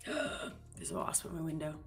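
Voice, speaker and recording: A woman's voice: low voice, big pitch swings, slow pace, faint music behind. A woman co-hosting a live trading stream in a playful, chatty way, jumping between topics. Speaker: live trading show co-host. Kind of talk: casual live-stream chat.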